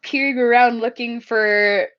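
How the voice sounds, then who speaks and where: A woman playing a tabletop role-playing game, describing her character's actions in a giggly, animated way. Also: a little high, measured pace, highs cut off. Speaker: player. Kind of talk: tabletop role-play narration.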